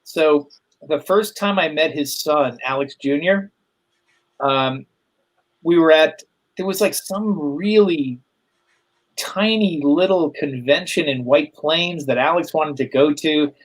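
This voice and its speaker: Middle-aged male guest, fairly high voice; rambling anecdote teller on a video call. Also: slow, poor audio. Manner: rambling anecdotes with fillers and laughs. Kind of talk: casual storytelling chat.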